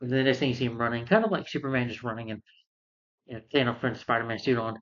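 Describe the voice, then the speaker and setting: A man's voice: medium pitch, rapid-fire, a bit bright, lo-fi sound. A man giving a casual spoken film review. He retells the plot in a loose, rambling way and acts out the characters' lines as he goes.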